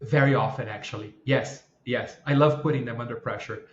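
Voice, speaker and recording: A man who teaches English exam-prep courses, explaining things in a measured way as a podcast guest. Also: mid-range voice, slight background noise. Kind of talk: interview guest answering questions. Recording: roomy, muffled mic.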